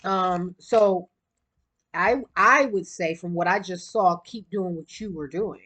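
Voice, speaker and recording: A woman does a casual spiritual card reading as a tarot reader, chatty and rambling with quick bursts of laughter and a little out of breath. Her voice sits on the low side and is a bit bright.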